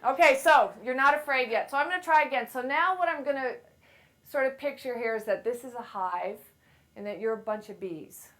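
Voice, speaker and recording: Playful woman speaker with a bright voice. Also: sits high, fairly quick. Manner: playful, self-deprecating storyteller who acts out quotes loudly. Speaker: speaker at a women's event. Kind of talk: motivational talk to a live audience. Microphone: handheld mic.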